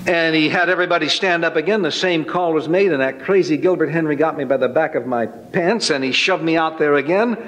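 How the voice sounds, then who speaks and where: A man's voice: on the high side, fairly quick, few pauses, fairly bright tone, slight background noise. A man giving a spoken personal testimony, telling it as a folksy, dramatic story. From Northern California. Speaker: testimony speaker. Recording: long hall reverb.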